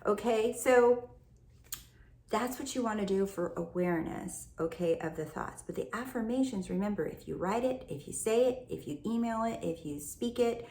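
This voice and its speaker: A woman's voice: mid-range voice, animated, brisk, hardly any pauses, warm tone, slight background noise. A woman from California, a self-help coach, talking casually and emphatically to her viewers, swearing freely. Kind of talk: casual teaching monologue. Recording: echoey room, faint ambience.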